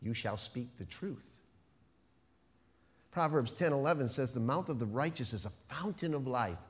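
A man preaching a sermon, stressing key words with slow, emphatic phrasing. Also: mid-range voice, animated. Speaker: pastor.

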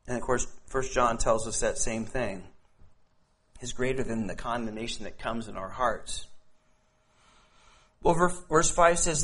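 Earnest and prone to stumbling, a pastor keeps restarting as he preaches and reads scripture aloud. He has a mid-range voice that's a bit bright.

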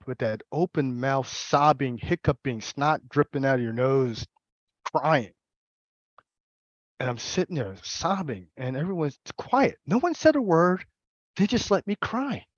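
A man giving a personal recovery share at a support meeting, speaking candidly and haltingly, repeating words and laughing. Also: fairly high pitch, lively intonation, no echo, lo-fi sound.

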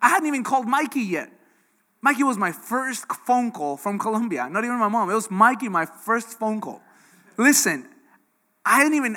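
A man preaching a sermon in a lively, conversational way, often asking the audience questions. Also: high voice, big-room sound. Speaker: pastor.

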